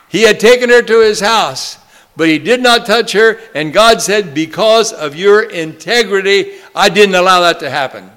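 A man delivers a sermon in a high voice, quoting scripture in old-fashioned phrasing. He slows right down on key phrases and leads his listeners in call-and-response. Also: a bit bright, clean tone. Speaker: preacher.

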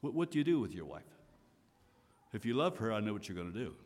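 A man preaching a sermon, swinging from loud emphatic lines to soft hushed asides. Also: on the low side, sing-song, quick pace. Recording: long hall reverb.

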